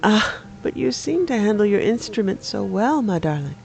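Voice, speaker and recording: A game streamer reading aloud as a teasing noblewoman who flirts with a bard, lifting the voice higher and softer. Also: very animated, moderate pace, vocal fry. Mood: flirty. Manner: coy, teasing, lilting higher.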